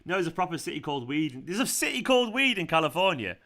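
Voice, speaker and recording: Bright-voiced, chatty streamer. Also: male voice, on the high side, quick pace. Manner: chatty, excitable, swears when shocked. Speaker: football watchalong streamer. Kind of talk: casual live-stream chat.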